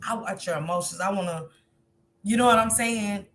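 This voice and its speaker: A woman talking to her live-stream viewers in a loose, animated way. Her voice is bright and edgy, at a middling pitch. She addresses the audience directly as she comments. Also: moderate pace, a little hiss or hum. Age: grandmother. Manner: animated, talks straight to viewers.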